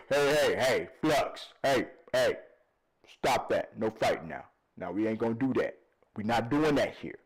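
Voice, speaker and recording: A man's voice: mid-range voice, unhurried, breathy edge, low-quality recording. A man hosting a casual vlog, reading viewer comments aloud with jokes, laughter and frequent stammered repeats. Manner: animated, laughing, jokey, self-deprecating.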